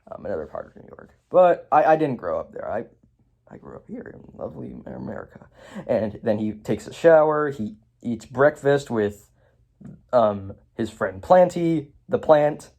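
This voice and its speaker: A man talks through a movie in a loose, rambling review, full of fillers and restarts. His pitch swings about a lot as he recaps scenes. He chuckles at the jokes as he goes. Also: very animated, measured pace, darkish tone. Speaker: film reviewer.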